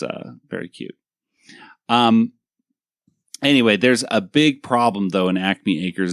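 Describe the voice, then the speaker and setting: A man's voice: lowish voice, dry recording, clean studio sound. A man hosting a podcast, reviewing a cartoon episode in rambling casual chat full of fillers. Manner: rambling, many fillers, laughs easily. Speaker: podcast host.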